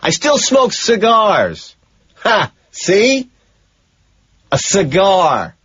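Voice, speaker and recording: A man's voice: huge pitch swings, very slow, breathy edge, muffled recording, exaggerated voice. A man playing a shrieking, gloating madman. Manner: shrill, frenzied shouting. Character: unhinged young man, gloating and cruel.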